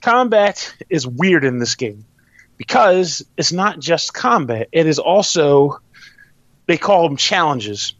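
A man's voice: a little high, sing-song, slow, a bit bright, dry recording, dull audio. Rambling man explaining a game. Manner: rambling, swears, restarts, chuckles. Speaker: podcast host reviewing a game. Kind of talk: casual explaining.

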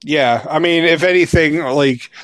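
In a dry recording, a man in his thirties speaks in an unhurried voice that sits on the high side and sounds a bit bright. He's a game reviewer and podcast co-host, casually reviewing a video game with rambling fillers, restarts and easy laughter.

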